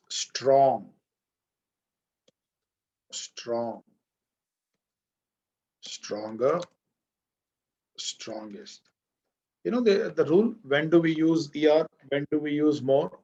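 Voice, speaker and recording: Indian English male teacher, slow deliberate classroom lecture, quizzing students, muffled lo-fi sound. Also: a little high, darkish tone.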